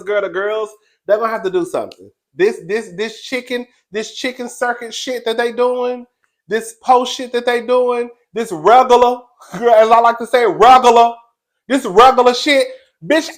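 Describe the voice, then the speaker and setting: With a voice that sits high and has a fairly bright tone, a man hosts a reality TV recap. He gossips casually in a brash, cheeky, profane style, laughing often.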